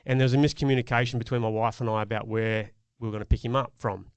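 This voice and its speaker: A man's voice: medium pitch, fairly even intonation, racing, clear, resonant tone, dry recording, muffled recording. A middle-aged man, a podcast co-host, telling a personal parenting story in an earnest, reflective way. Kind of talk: casual chat.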